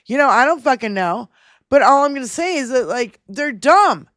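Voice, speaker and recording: A woman's voice: sits high, expressive, moderate pace, a bit bright, dry recording, studio quality. A woman co-hosting a casual political chat show, talking bluntly and angrily with heavy swearing. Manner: blunt, profane, heated. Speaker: podcast co-host.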